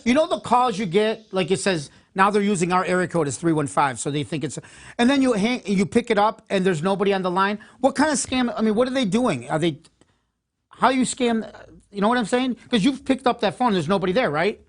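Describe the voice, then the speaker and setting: Upbeat, higher-voiced man hosting, chatty, laughs easily. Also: lively intonation, fairly quick. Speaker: host. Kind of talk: casual chat.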